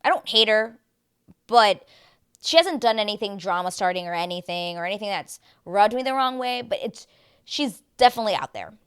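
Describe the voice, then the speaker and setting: A woman in her thirties giving a chatty, animated recap, breaking into playful voices when she quotes people. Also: medium pitch, normal speed, clean tone. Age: 30s. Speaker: host. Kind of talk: casual recap chat.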